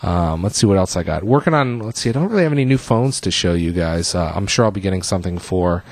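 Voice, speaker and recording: A man's voice: lowish voice, very animated, quick pace, darkish tone, no echo. A man hosting his own podcast solo, chatting casually and rambling with fillers and restarts, a bit out of breath. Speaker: podcast host.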